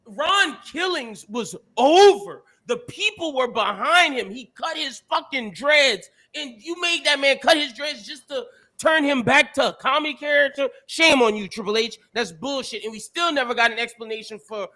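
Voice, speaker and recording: High, bright-voiced young man ranting. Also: moderate pace. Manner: animated ranting, heavy swearing. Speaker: podcast co-host. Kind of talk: casual podcast chat.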